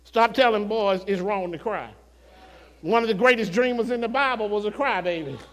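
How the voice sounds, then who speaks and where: This sermon comes from a high-pitched male preacher whose voice rings through a reverberant sanctuary. Calling to the congregation and drawing responses, he swings between quiet, unhurried murmuring and shouted climaxes.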